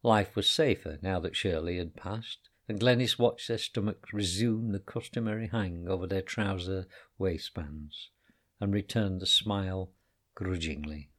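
A man narrating a short story in a calm, measured reading voice. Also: low voice.

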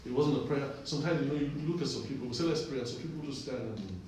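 A man's voice: mid-range voice, quick pace, a little mellow, slight background noise. Man preaching in an echoey room. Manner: conversational preaching, repeats phrases for emphasis. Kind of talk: sermon with personal story. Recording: echoey distant room recording.

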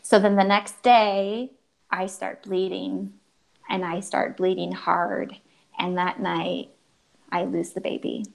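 A woman in her thirties shares a deeply personal story with earnest feeling. She acts out the dialogue as she quotes it and often restarts her sentences, speaking at a medium pitch. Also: level tone, takes it slowly, vocal fry, rough recording. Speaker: guest telling her story.

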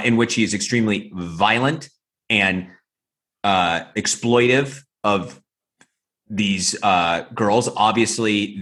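This man's voice sits lowish and carries a slight brightness. Co-hosting a podcast, he chats loosely about movies, wandering through his points with lots of filler words and doing movie quotes in shifting voices.

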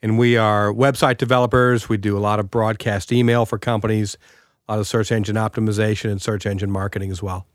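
Hoarse man guest on a radio show. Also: lowish voice, flat delivery, quick pace, no echo, clean studio sound. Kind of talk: casual radio interview. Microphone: studio microphone.

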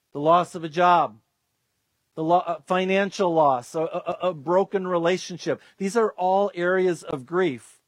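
A man preaching a sermon as a pastor, speaking earnestly with some halting fillers and restarts. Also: high voice, no echo. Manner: earnest, acts out quoted voices, restarts with fillers.

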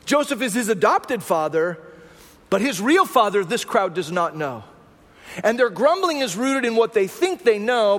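The room sounds big as a man preaches, his voice sitting high and animated at a normal speed. As pastor, he walks through the scripture conversationally and keeps checking in with the congregation, dropping rhetorical "right?" asides.

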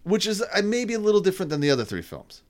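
A man co-hosting a podcast, chatting casually about films, animated and prone to swearing and trailing off. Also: high voice, fast talker. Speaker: podcast co-host. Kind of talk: casual film chat.

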